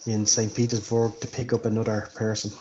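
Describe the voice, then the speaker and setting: A man voicing a gruff, haggard male coachman who grunts and speaks slowly and plainly. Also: lowish voice, monotone, dark tone, dull audio, lightly acted. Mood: matter-of-fact.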